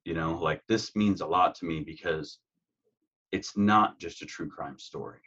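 A man's voice: sits low, unhurried, fairly bright tone. A man speaking as an interview guest about his true crime work, earnest and heartfelt, on dull lo-fi audio. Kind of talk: conversational interview.

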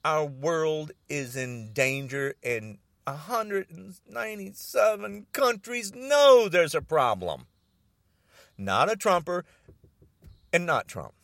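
A man's voice: fairly high pitch, very animated, takes it slowly, gravelly, fairly bright tone, no echo, clean studio sound. An older man in an angry, agitated political rant, repeating himself and stumbling over restarts.

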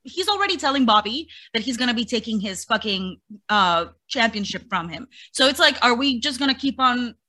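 A woman's voice: on the high side, expressive, brisk, bright, forceful tone. A woman co-hosting a podcast, recapping events in casual chat with frequent swearing. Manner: profane, storytelling recap. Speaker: podcast co-host.

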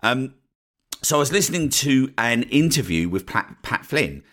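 A man's voice: medium pitch, big pitch swings, normal speed, fairly bright tone. A man with an Essex accent from northeast England hosting his own podcast, talking casually and often checking in with "right?" at the end of his points. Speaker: podcast host. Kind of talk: casual solo podcast talk.

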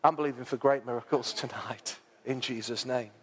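A man preaching a sermon, chatty and informal, who rises to loud, dramatic peaks when he reads scripture aloud. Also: medium pitch, steady tone, fairly quick, slightly rough. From England. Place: church hall. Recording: long church hall reverb.

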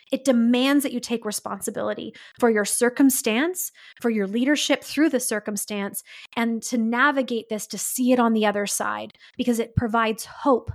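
A woman hosting a podcast, telling a story in an earnest, heartfelt way. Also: fairly high pitch. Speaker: podcast host. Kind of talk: solo podcast monologue.

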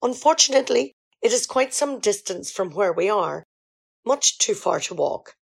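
A self-important diva singer who tells her story in a grand, theatrical way , voiced by a woman. Her voice is gravelly and husky, and it moves up and down a lot. It is a comic radio sketch. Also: medium pitch, expressive, moderate pace. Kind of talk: amateur radio comedy sketch.

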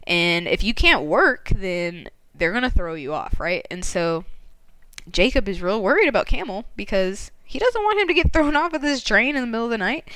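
A woman's voice: mid-range voice, animated, normal speed, a bit bright, smooth, no room sound. A young woman casually recapping a story's plot, chatty, with lots of filler words and casual swearing.

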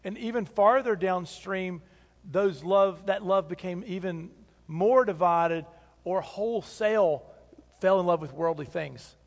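A pastor delivers a sermon in an earnest, conversational way, leaning on emphatic repeats. His voice sits high for a man. The church sanctuary gives it a long reverb tail. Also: measured pace.

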